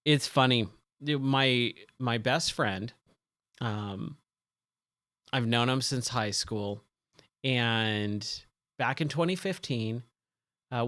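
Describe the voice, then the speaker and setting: A man's voice: medium pitch, no room sound, studio quality. A man in his thirties, a gaming streamer, casually telling a rambling story full of fillers and self-corrections. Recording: loud racing game sounds underneath.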